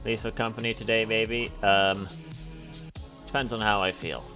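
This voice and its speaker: Streaming a video reaction, a young man keeps up loose, profane chatter full of fillers and big laughs. He speaks at normal speed in a steady, lowish, pushed and bright voice over soft background music.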